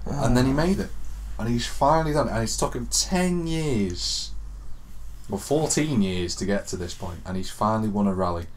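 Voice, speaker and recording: A young man co-hosting a podcast, telling an excited story that swings from hushed to loud. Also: fairly low pitch, moderate pace, slight background noise. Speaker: podcast co-host. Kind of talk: excited casual chat.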